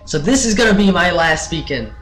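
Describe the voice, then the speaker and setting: A man hosting a let's play, reacting with excitable outbursts and plenty of fillers while he orders his crew around. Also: high voice, a little fast. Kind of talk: casual gameplay commentary.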